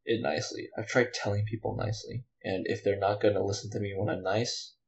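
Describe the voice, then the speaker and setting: A man's voice: on the low side, steady tone, brisk, vocal fry, slight background noise, low-quality recording. A man hosting a solo podcast, venting bitterly and angrily, rambling with frequent sighs and swearing. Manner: rambling, with many fillers and profanity. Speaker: podcast host.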